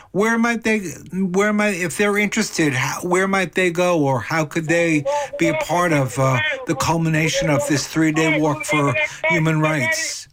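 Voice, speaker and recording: Male radio host, slightly high voice, halting delivery with many restarts. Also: a bit bright, low-quality recording. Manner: halting, restarts questions often. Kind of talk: radio interview.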